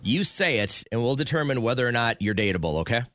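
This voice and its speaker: A man hosting a morning radio show, joking quickly with callers and his co-host. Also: mid-range voice, sing-song, a bit bright, no echo, clean studio sound. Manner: quick, joking, rolls along.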